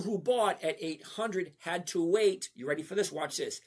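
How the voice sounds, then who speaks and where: Older male livestream host, slightly high husky voice, chatty and repetitive. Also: moderate pace. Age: 60s. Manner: chatty, repetitive, addresses viewers by name. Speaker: stock trading livestream host. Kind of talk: live Q&A chat answering viewers.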